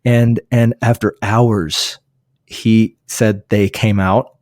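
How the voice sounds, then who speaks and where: A man with a lowish voice talks casually about a book, circling back and restarting his sentences as he goes. The sound is dry and close, with no room around it. He comes across as an unpolished podcast guest thinking aloud. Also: steady tone, slow pace, darkish tone, dry recording. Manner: rambling, many restarts and fillers.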